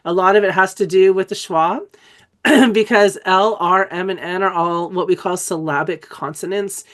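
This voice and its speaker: A woman's voice: fairly low pitch, fairly even intonation, moderate pace, a bit bright. Woman with a cold teaching a webinar. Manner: enthusiastic, conversational, spells out letters. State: has a cold, coughing and clearing throat. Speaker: dyslexia trainer presenting a webinar. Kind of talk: live online teaching presentation.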